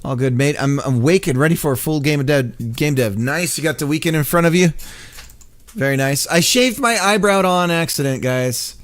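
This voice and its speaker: A man's voice: a little high, normal speed, fairly bright tone. A man chatting casually on a live coding stream, rambling, laughing often and swearing freely. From United States. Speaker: game dev streamer.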